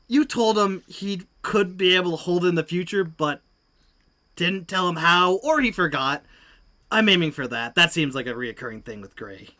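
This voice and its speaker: A player in a tabletop game, animated and laughing between lines. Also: medium pitch, moderate pace. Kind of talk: in-character tabletop play.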